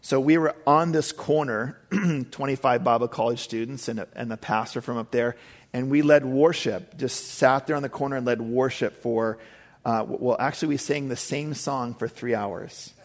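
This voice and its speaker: A man's voice: mid-range voice, moderate pace. A male pastor giving a conversational sermon, emphatic with frequent asides to the congregation.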